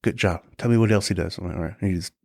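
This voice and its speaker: A man's voice: deep voice, rapid-fire, creaky, darkish tone, dry recording, clean studio sound. A man in his forties, a guest on a podcast, telling casual anecdotes with lots of swearing, acting out quotes and laughing often. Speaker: guest, tour security guard.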